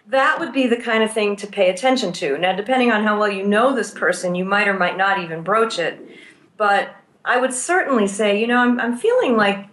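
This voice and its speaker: A woman's voice: medium pitch, fairly quick, fairly bright tone, roomy sound. A woman who works as a therapist and teaches pastoral care, explaining her ideas thoughtfully in a conversational interview and walking through examples.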